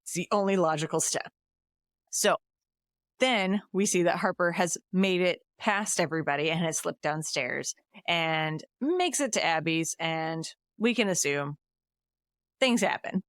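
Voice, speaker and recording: A woman's voice: on the low side, unhurried, no echo, clean studio sound. A woman podcast host casually recapping a movie plot, acting out the characters' lines. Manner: animated retelling with acted quotes.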